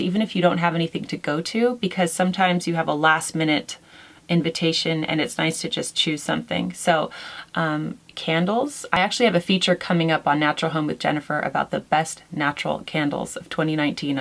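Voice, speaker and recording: Relaxed woman, thirties, slightly low voice, friendly, chatty question-and-answer host, light laughs. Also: creaky. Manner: gentle, chatty, frequent soft laughs and fillers. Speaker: lifestyle vlogger answering viewer questions. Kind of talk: casual chat.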